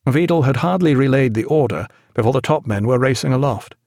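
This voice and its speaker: A man narrating an audiobook in a measured, even storytelling manner, recorded on a close studio mic. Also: medium pitch, no room sound. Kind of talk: scripted narration.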